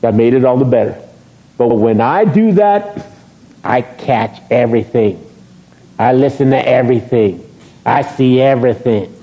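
Mellow-voiced man preaching a sermon. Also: medium pitch, unhurried. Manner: lively, joking with the congregation, asks questions. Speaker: pastor. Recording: dull lo-fi sermon recording.

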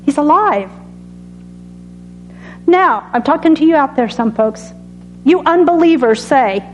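A woman preacher with a high voice delivers an earnest sermon at an unhurried pace. She lets pauses land and sinks to a hushed tone on her key lines. Soft music plays faintly behind her. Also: poor audio. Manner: earnest, dramatic pauses, drops to soft tones on key phrases. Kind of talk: sermon with altar call.

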